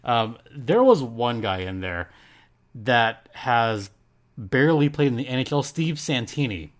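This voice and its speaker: A man's voice: mid-range voice, animated, measured pace. A man hosting a sports podcast in a playful, joking way. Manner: playful and jokey, reads ad in hype voice. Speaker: podcast host. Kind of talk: casual sports podcast talk.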